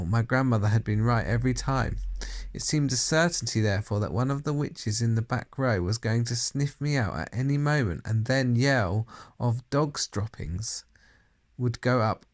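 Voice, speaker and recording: A man reads a children's novel aloud, narrating in the first person. His mid-range voice has a gravelly, creaky texture, and he leans on key words for effect. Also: medium pitch. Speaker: audiobook reader.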